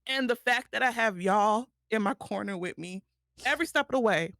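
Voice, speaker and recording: A woman's voice: a little high, brisk, fairly bright tone, dry recording, clean studio sound. A woman streamer, talking tearfully and affectionately to her friends in casual chat.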